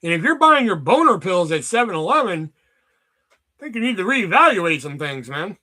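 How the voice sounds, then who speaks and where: A man's voice: high-pitched, big pitch swings, moderate pace, sharp tone. A man chatting casually from his basement at home, rambling and joking with plenty of swearing. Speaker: streamer. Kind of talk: casual chat.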